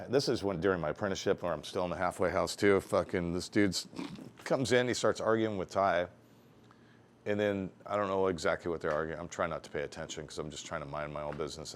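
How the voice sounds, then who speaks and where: A man with a very deep voice tells loose, rambling stories from his years tattooing, swearing constantly in a relaxed, offhand way. He livens up when he acts out what people said, then settles back into a low, easygoing delivery. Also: a little fast, slight background noise. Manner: heavily profane, rambling anecdotes; animated when acting out dialogue. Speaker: tattoo artist interviewee. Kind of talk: casual storytelling interview.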